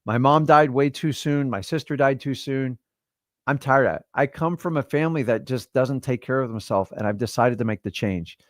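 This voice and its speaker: A man's voice: mid-range voice, moderate pace, dry recording, clean studio sound. A man in his fifties hosting a livestream, giving casual motivational talk and addressing listeners directly in a preachy way. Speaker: livestream host.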